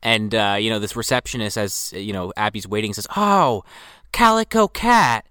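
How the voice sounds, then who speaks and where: Bright, crisp man telling a story. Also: fairly low pitch, flat delivery, fairly quick, no echo, studio quality. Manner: storytelling, profane, quotes characters. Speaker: podcast co-host. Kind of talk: casual movie recap chat.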